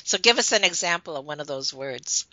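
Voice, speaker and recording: A woman's voice: low voice, animated, brisk, bright, forceful tone, dry recording. A woman interviewing a guest, asking questions in an encouraging way and laughing readily. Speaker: interviewer, host. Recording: dull lo-fi dry recording.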